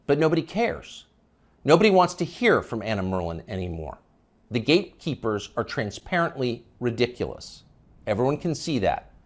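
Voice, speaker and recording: A middle-aged man delivers a cable opinion monologue with heavy sarcasm. His pitch swoops dramatically from low to high as he leans hard on each point. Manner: sarcastic, emphatic. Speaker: commentator.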